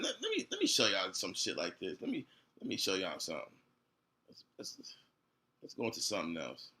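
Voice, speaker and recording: The streamer rants heatedly on his livestream in a mid-range voice with a bright, forceful tone. He swears, confronts, and says the same things over and over.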